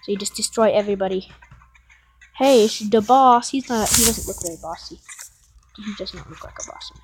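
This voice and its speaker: A woman giving rambling, excitable gameplay commentary and chatting to her viewers. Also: medium pitch, fast, noisy background. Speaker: gaming vlogger.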